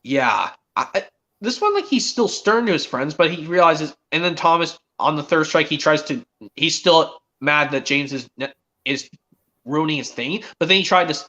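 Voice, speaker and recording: A man's voice: fairly high pitch, fairly bright tone, muffled recording. A teenage boy streaming, chatting eagerly in a rambling way with many restarts. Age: teens. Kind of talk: casual chat.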